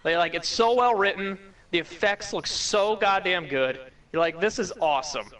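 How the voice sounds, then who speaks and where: A young man co-hosting a podcast, talking in excited, profane run-on bursts full of "like" and restarts. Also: sits high, normal speed, poor audio. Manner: animated, profane, talks in run-on bursts with lots of "like". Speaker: podcast co-host. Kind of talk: casual chat.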